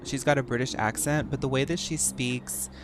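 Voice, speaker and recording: Chatty American streamer, rambling. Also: male voice, medium pitch, steady tone, normal speed. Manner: chatty, rambling, filler-heavy. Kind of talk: casual gameplay commentary. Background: game music.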